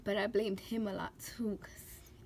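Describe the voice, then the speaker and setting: A young woman talking through her tears while doing her makeup on camera, halting and restarting often. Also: medium pitch, flat delivery, a little mellow, a little hiss or hum. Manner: tearful, halting, many restarts and fillers. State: close to tears. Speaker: beauty vlogger. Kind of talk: emotional talk during a makeup tutorial.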